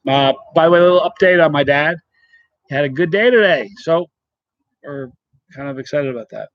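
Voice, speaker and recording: Middle-aged male streamer, slightly high voice, rambling chat, dry close mic. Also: brisk, no room sound, highs cut off. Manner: chatty, rambling, greets viewers by name. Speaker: channel host reading live chat. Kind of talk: casual live-stream chat.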